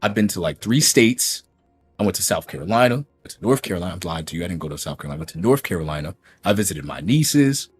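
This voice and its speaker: A man's voice: sits low, animated, fast talker, breathy edge, soft background music. A man ranting on his gaming channel in a mocking, combative way as he reacts to a critic's clip. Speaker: YouTube gaming commentator. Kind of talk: reaction rant.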